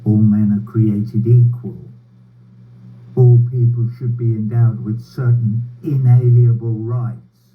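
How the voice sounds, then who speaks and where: An older man giving a prepared, sardonic political speech over a video call, slow and bitter, with wry laughs and swearing. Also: on the low side, level tone. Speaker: speaker addressing a rally by video. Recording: tinny phone-like line with faint hum.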